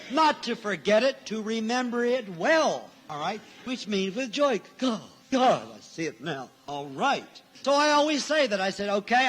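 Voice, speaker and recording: A man's voice: high voice, fairly bright tone. A male minister delivering a sermon in a church, emphatic, repeating his key phrases and acting out the people he quotes.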